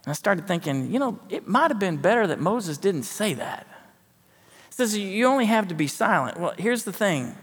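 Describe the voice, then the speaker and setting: A man's voice: high-pitched, big pitch swings, normal speed, husky, long reverb tail. A man preaching a sermon in a folksy, conversational way with joking asides. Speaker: pastor. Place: church sanctuary.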